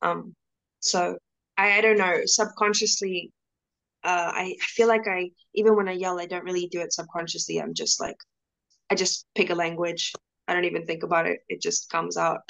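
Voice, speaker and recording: A woman's voice: lowish voice, level tone, moderate pace, gravelly, fairly bright tone, low-quality recording. Young woman chatting hesitantly on a call. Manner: hesitant, many restarts and fillers. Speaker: interview guest. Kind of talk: casual video-call conversation.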